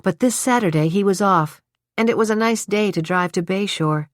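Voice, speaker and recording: A woman narrating a suspense audiobook in an even, measured storytelling manner. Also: mid-range voice, no echo, studio quality. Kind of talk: scripted narration.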